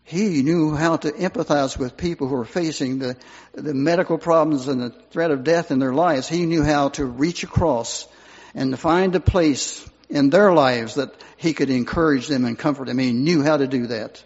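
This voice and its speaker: Older pastor giving a eulogy in a reverberant church. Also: male voice, on the high side, normal speed, darkish tone, slightly rough. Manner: earnest, swelling and dropping for emphasis. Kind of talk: funeral sermon. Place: church sanctuary. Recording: muffled hall recording with long reverb.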